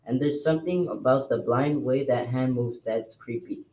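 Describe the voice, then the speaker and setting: A man with a mid-pitched voice reads a novel aloud for a class. He narrates in a steady, plain manner, without flourishes. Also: moderate pace, poor audio. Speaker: reader.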